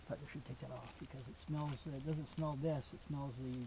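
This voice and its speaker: An older man giving a casual outdoor tour of his rural property, telling stories in a folksy, halting way with many fillers. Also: mid-range voice, fairly even intonation, creaky, warm tone, slight background noise, rough recording. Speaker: vegetable stand owner. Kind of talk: casual chat on a walking tour.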